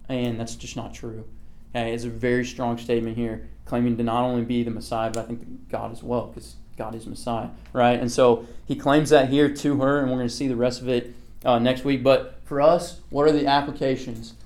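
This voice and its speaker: A man's voice: mid-range voice, little pitch movement, normal speed, a little mellow. A man leading a casual Bible study, talking through a passage in a conversational way, often checking in with "okay" and asking the group questions.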